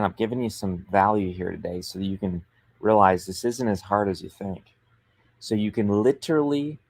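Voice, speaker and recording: A man hosting a livestream, giving business advice in an energetic, emphatic and persuasive coaching manner. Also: on the low side, no room sound. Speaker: author coach and show host.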